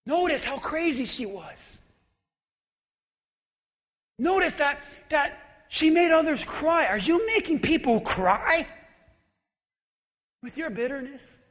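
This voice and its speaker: A male pastor delivers an animated, humorous sermon, swinging from shouts to quiet talk. His voice is very high and bright, his delivery unhurried. The long reverb of a large hall carries every word.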